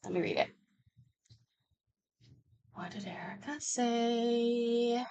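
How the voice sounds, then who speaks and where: A woman's voice: fairly high pitch, slow pace, mellow, smooth. A woman hosting a live chat show, telling work stories in a candid, casual way, swearing freely and using many fillers. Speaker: livestream show host.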